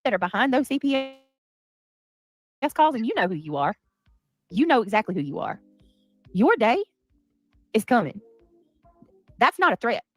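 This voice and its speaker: A woman hosts a live commentary stream with a high, animated voice. She is chatty and sassy and keeps calling out viewers. Faint music plays behind her dry, close sound. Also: normal speed, pauses often, dry recording, poor audio. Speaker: livestream host. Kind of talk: casual livestream commentary.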